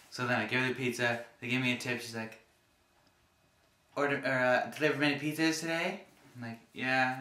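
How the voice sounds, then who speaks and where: A man casually telling stories to the camera in an animated way, acting out the people he met. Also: medium pitch, reverberant.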